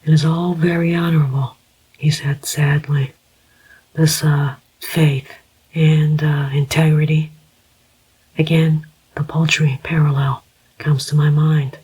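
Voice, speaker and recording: A narrator whispering the part of a gentle, formal older male inquiry agent, as whispered role-play. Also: medium pitch, little pitch movement, slow pace, husky, poor audio. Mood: grave.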